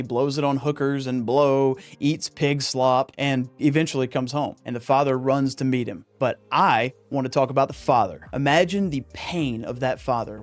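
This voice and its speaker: A man hosting a podcast, delivering an earnest monologue on psychology with an emphatic, preacher-like delivery. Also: a little high. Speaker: podcast host.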